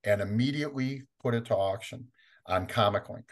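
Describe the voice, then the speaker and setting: In a low-leaning voice that runs a little fast, a middle-aged comic collector tells a lively story during an interview. He often bursts into laughter and impersonates the people involved.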